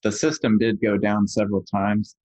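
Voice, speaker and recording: A man's voice: on the low side, little pitch movement, moderate pace, a little mellow. A man speaking as a podcast guest, explaining technical points plainly and casually with many fillers. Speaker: guest software engineer. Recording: dry, dull lo-fi sound.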